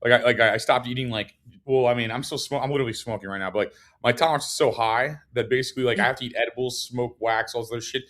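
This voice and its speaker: A man's voice: mid-range voice, steady tone, fast talker, few pauses, a bit bright. A man hosting a podcast in casual chat, rambling and swearing freely, with frequent restarts. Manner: rambling, profane, restarts often. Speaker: podcast host.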